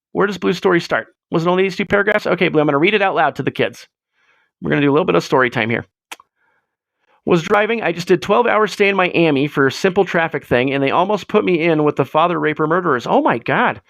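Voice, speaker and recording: A man hosting a live show in casual chat, rambling and excitable as he tells stories, swearing freely, on a close mic. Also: sits high, gravelly, no room sound. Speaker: livestream host.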